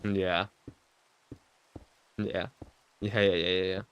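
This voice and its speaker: A man in casual gaming chat, deadpan and laid-back. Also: deep voice, slow pace, slight background noise. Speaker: gaming co-player.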